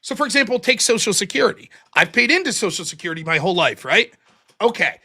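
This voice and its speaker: An American man in his forties hosts a call-in show in a casual political monologue. His voice sits high, with big pitch swings, a quick pace, and a pushed, bright, slightly rough quality, and he argues bluntly and profanely while acting out quotes.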